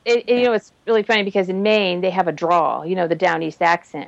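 A woman's voice: on the low side, steady tone, fast, creaky, highs cut off. A woman from Massachusetts in casual conversation as a podcast co-host, chatty and repeating words as she gets going. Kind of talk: casual chat.

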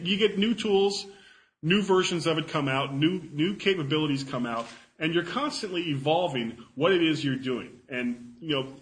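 A man's voice: a little high, fairly bright tone, low-quality recording. A man giving a casual talk and answering audience questions, chatty and self-deprecating, often repeating words as he thinks.

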